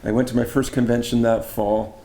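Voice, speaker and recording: A man's voice: mid-range voice, level tone, fairly quick, warm tone, roomy sound. A middle-aged man from Canada interviewing a fellow singer, chatty and admiring. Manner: enthusiastic, admiring, chatty with restarts. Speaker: interviewer, barbershop arranger and judging chair. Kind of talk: casual interview.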